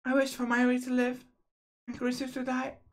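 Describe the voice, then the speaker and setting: High-voiced woman reading game narration. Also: monotone, moderate pace. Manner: earnest, emotional first-person reading. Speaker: let's play host. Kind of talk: reading visual novel narration aloud.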